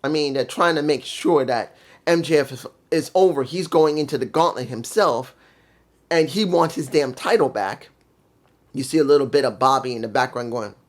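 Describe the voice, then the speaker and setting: A wrestling show reviewer ranting heatedly and cursing freely in a casual review vlog. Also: medium pitch.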